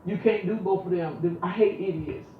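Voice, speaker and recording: Guy preaching loud and plain, keeps saying man, sounds far away and dull, bit of hiss. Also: high voice, moderate pace. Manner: emphatic, colloquial, repeats phrases, calls listeners "man". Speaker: minister speaking on a ministry talk show. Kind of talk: informal preaching talk. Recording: very echoey, distant, muffled room sound.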